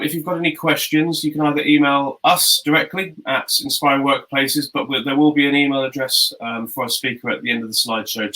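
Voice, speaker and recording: A man hosting an online session, introducing a guest speaker in a relaxed, halting way with many ums and restarts. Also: a little high, rough recording. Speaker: webinar host. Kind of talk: casual spoken introduction.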